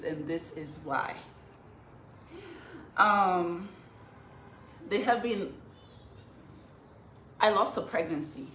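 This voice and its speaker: A woman vlogger telling her own story, shaky but defiant, speaking haltingly. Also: lowish voice, fairly bright tone, slight background noise. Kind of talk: emotional vlog talk. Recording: echoey room.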